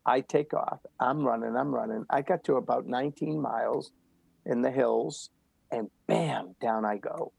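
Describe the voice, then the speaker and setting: A man's voice: mid-range voice, normal speed, creaky, darkish tone, husky, no room sound. An older man telling motivational running stories in an interview, emphatic and repetitive. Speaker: guest runner. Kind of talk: storytelling interview.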